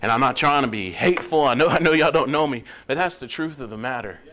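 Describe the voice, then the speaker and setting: A young man preaching in a church, earnest, his voice climbing high and loud when he presses a point. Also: fast talker. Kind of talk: sermon. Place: church sanctuary.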